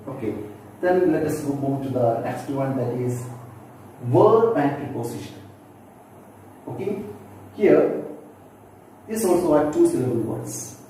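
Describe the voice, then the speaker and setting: Man, teacher, patient explanation, words repeated for drilling, mellow voice, faint background noise. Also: medium pitch. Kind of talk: classroom-style explanation. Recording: very echoey room, distant mic, faint background noise.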